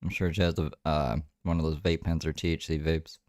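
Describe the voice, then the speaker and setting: Man, very deep voice, blunt, profane, mocking, reaction commentary, dry close sound. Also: flat delivery, a little fast, darkish tone, no room sound.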